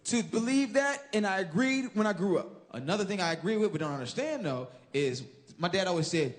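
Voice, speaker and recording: A man in his thirties performing an animated stand-up comedy set on a club stage, shouting punchlines into a handheld mic. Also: sits high, brisk. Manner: animated, loud punchlines, bursts into shouted impressions. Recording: live club recording with crowd laughter and noise.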